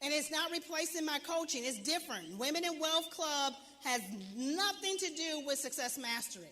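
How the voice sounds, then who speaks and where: Woman, motivational coach, preachy, emphatic questions, bright sharp tone, long hall reverb. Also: high-pitched, animated, normal speed. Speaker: business and wealth coach. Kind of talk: motivational talk to an audience.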